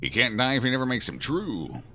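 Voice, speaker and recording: Lively, bright-voiced male game streamer. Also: mid-range voice, fairly quick, creaky, faint music behind. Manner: chatty and jokey, reacting aloud to chat. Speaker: gaming streamer. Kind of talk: casual let's-play commentary answering chat.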